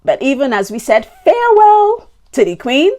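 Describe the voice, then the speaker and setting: A woman's voice: high-pitched, big pitch swings, normal speed, darkish tone. A woman from Barbados with a Bajan accent, hosting a podcast and sharing her ancestry in an emotional, heartfelt way. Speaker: podcast host. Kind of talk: personal heritage talk.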